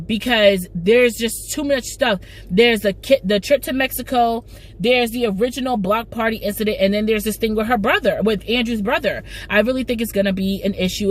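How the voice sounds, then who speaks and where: A young woman talks through a TV episode recap in a loose, chatty way. Her voice sits a little high, and she leans hard on words with emphatic, slangy asides. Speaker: TV recap vlogger. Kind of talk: casual recap chat.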